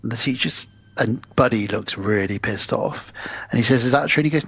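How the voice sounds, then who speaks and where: A man's voice: medium pitch, fairly quick, fairly bright tone, breathy edge, no room sound. A man co-hosting a podcast, casually retelling a film plot with sweary asides and acted-out quotes. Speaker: podcast co-host. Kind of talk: casual film recap chat. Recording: dull lo-fi podcast audio.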